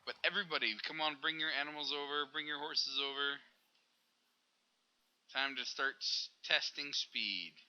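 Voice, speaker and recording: A man's voice: on the high side, moderate pace, pushed and bright, clean tone, highs cut off. A young man casually commenting on his gameplay, rambling and correcting himself as he talks to viewers. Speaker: Minecraft server video host.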